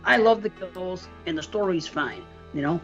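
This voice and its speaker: A woman's voice: fairly low pitch, animated, normal speed, dull audio, soft background music. Blunt, foul-mouthed woman podcast co-host. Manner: blunt, swears freely, laughs often. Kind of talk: casual chat.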